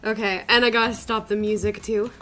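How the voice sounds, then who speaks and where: A woman's voice: medium pitch, level tone, a little fast, a bit bright. A woman streamer chatting casually to her live audience, loose and sweary, often laughing.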